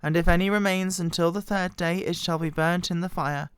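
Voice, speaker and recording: A woman with a bad cold, hoarse and quiet, her voice wobbling as she reads scripture aloud close to the microphone. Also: steady tone, no echo. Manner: quiet, halting, voice wobbling in pitch. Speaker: Bible reader. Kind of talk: slow scripture reading.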